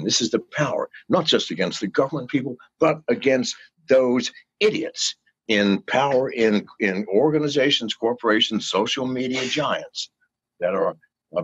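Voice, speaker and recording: An older man giving an interview, fiery and profane, swinging from low mutters to shouted pleas. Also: expressive, unhurried. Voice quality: gravelly and husky. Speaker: guest. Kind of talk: impassioned interview rant. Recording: dull lo-fi call audio.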